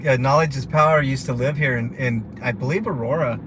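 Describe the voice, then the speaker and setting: Man, casual livestream chat, rambling with fillers, middle pitch, noisy car. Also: a little fast. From Denver, Colorado. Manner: laid-back, rambling, many fillers. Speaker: livestream host. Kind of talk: casual chat while driving.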